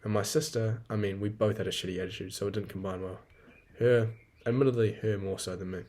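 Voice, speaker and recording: Young guy in his 20s hosting a solo podcast, low-pitched, loose and profane, rambling and venting. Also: fairly even intonation, quick pace, darkish tone. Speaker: podcast host. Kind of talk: casual solo podcast monologue.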